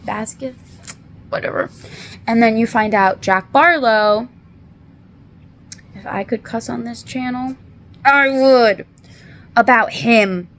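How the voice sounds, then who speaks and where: Slow-talking, gravelly young woman vlogger. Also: on the high side, steady tone, slight background noise. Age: 20s. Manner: chatty and rambling, apologetic, with lots of fillers. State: holding back tears. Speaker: book reviewer. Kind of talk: casual book recap vlog.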